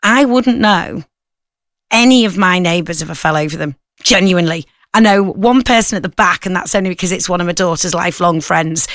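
A woman's voice: fairly low pitch, brisk, fairly bright tone, dry recording, studio quality. A middle-aged woman hosting a breakfast radio show, chatting casually with jokey, rambling asides.

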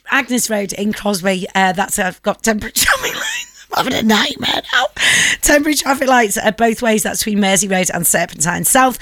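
A woman's voice: mid-range voice, no echo. Giddy giggling woman. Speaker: radio co-host reading travel news. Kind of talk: giggly radio banter and traffic report. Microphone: studio microphone.

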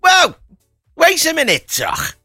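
Marty McFly, a man squeaking as a startled teen. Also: wildly swooping pitch, slow, sharp tone, no room sound, studio quality, faint music behind, heavily acted. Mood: shocked. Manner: squeaky, incredulous. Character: excitable shocked teenage boy.

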